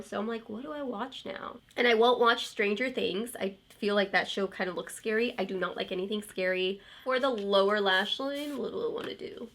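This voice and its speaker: A woman's voice: mid-range voice, a bit bright. Chatty woman rambling through a makeup tutorial. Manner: chatty and candid, rambling asides, mild swearing. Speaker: beauty vlogger. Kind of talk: casual chat while doing a makeup tutorial. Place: home.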